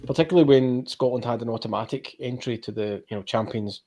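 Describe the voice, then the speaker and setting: A man's voice: mid-range voice, quick pace, warm tone. Chatty man with a sore throat. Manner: chatty, jokey, rambling. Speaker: podcast panelist. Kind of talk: casual football podcast chat.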